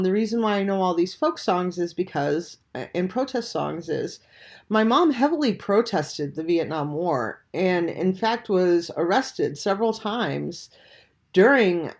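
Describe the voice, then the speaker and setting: A vlogger in their forties, stuffed up and under the weather, talking softly to camera at home at dawn with many ums and restarts. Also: mid-range voice. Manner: hesitant, full of ums and restarts. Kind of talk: casual talk to camera.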